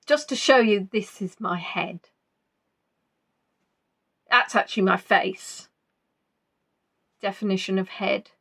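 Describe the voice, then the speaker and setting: A woman's voice: medium pitch, takes it slowly, gravelly, pauses often, fairly bright tone. A woman hosting a casual quiz stream, chatty and playful as she reads out viewers' answers. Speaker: quiz host.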